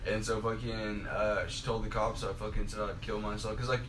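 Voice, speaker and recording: A man's voice: fairly low pitch, level tone, crowd noise. Hesitant man, far from the mic. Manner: hesitant, halting, full of fillers. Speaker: podcast guest. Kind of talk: casual chat. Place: podcast room. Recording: distant from mic, noisy background.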